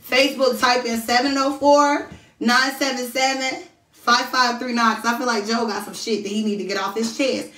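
A woman's voice: on the high side, steady tone, moderate pace, pushed and bright. A woman hosting a casual livestream from home, chatting straight to her viewers and reading their comments aloud. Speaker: livestream host. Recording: echoey room, voice from a distance.

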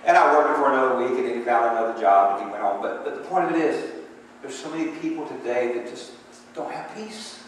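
Preacher in an echoey hall. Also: male voice, mid-range voice, fast, far from the mic, slight background noise. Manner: rising to emphatic calls for response; conversational storytelling. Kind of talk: sermon. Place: church sanctuary.

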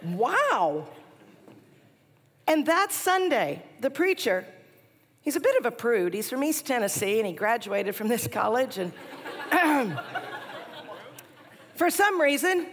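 Woman in her forties, chapel speaker with lively storytelling; long reverb from a big hall. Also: a little high, a little slow, long pauses, some chatter behind, slight background noise. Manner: animated storyteller, laughs at herself.

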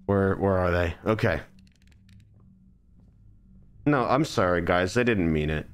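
A man's voice: low-pitched, takes it slowly, smooth. A man giving live, nervous, rambling commentary while streaming a game.

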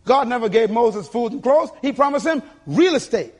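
Husky older male preacher, animated. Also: very high voice, a little slow, pauses often. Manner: emphatic, calls for congregation responses. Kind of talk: sermon. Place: church sanctuary.

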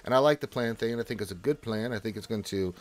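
A man's voice: fairly low pitch, fast talker. A man hosting a casual gaming livestream, reading chat messages aloud and greeting viewers with loose jokes and plenty of fillers. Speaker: livestream host.

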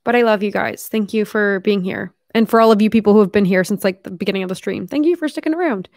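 A woman's voice: medium pitch, quick pace, a little mellow, no echo, clean studio sound. Chatty young woman streaming, tiring voice. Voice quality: chatty, lots of "like", casual swearing. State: voice tiring from long talking. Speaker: live streamer. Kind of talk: casual live stream chat.

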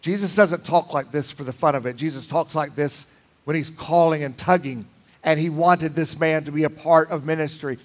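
A pastor preaching in a church, emphatic, with dramatic swings between loud lines and hushed ones. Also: male voice, fairly high pitch, normal speed. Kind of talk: sermon. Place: church sanctuary.

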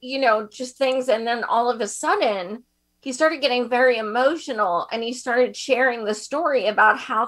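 Slow-talking woman with a higher voice. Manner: laughs often, warm storytelling. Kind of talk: casual chat on a video call.

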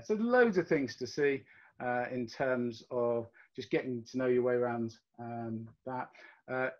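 A man gives a relaxed, explanatory club presentation over a video call, with many ums and uhs. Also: medium pitch. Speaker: astronomy club meeting presenter. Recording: dull lo-fi video call audio.

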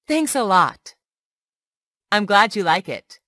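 A woman reading everyday English phrases aloud one by one as a tutor, in a slow, clear and expressive way. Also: mid-range voice, no room sound, studio quality.

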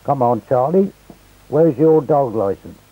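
A man's voice: medium pitch, expressive, unhurried, no echo, narrow, tinny audio. A man doing a dogged village police sergeant. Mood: probing. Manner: raised, probing and exasperated questions.

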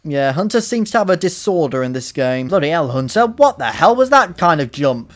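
A man doing sarcastic, profane, excitable commentary while playing a video game, recorded into a desk microphone. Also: a little high, a little fast. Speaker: let's play commentator.

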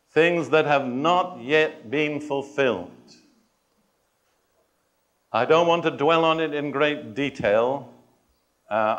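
This sermon comes through lo-fi audio, the preacher's mid-range voice fairly bright in tone. Speaking with measured emphasis, he questions and challenges the congregation head-on, now and then adding a dry bit of humor.

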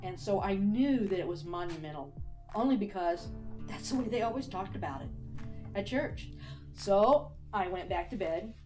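A woman recounting a personal story of faith in an animated, storytelling interview. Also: medium pitch, normal speed, soft background music. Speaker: interviewee giving a faith testimony.

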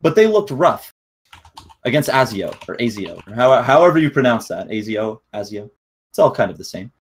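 A man's voice: mid-range voice, very animated, fairly quick, husky. Laid-back young man hosting esports talk. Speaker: esports podcast co-host. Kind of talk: casual chat.

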